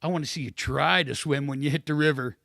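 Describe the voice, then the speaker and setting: Man, 50s, retired wrestler, casual podcast storyteller; a touch high-pitched, dry close mic. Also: fast, gravelly, sharp tone, dry recording. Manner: rambling anecdotes with acted-out quotes.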